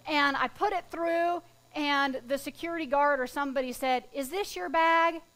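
A woman pastor preaching a sermon, telling personal stories in a lively, self-deprecating way before turning to scripture. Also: sits high, moderate pace. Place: church sanctuary.

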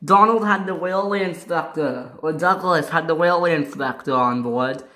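Someone doing Connor, an eager, excited train engine. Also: mid-range voice, moderate pace, natural voice. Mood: urgent. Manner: excited, breathless reporting. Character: eager young male engine. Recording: echoey room, faint hiss.

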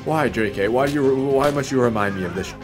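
A man's voice: medium pitch, a little fast, music in the background. A young man giving casual, profane, joking commentary while he plays a video game. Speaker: gameplay streamer.

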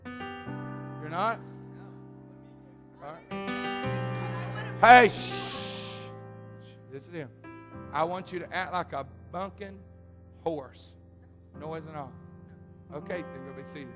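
A man preaching at a youth camp service, loud, coaxing and teasing as he runs games with the crowd. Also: on the high side, a little slow, pauses often, over music. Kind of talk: lively youth service sermon with audience games.

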